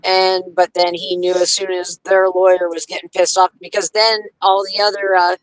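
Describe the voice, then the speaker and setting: A woman's voice: on the low side, little pitch movement, moderate pace, crowd noise, poor audio. A woman telling her story on a podcast in casual chat, heated and profane, often acting out what others said.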